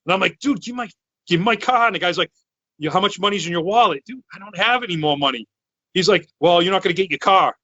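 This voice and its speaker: Man, thirties, from Massachusetts, loud rambling storyteller, forceful bright voice, dry dull lo-fi sound. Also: high voice, fast, no echo. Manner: loud, excitable, rambling with restarts. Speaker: podcast co-host. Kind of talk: casual storytelling chat.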